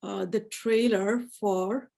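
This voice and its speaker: Woman giving a lecture, a bit husky, lots of you knows. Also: medium pitch, steady tone, slow, warm tone, low-quality recording. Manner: thoughtful, with frequent "you know" fillers. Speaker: speaker giving an academic lecture. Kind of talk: academic lecture.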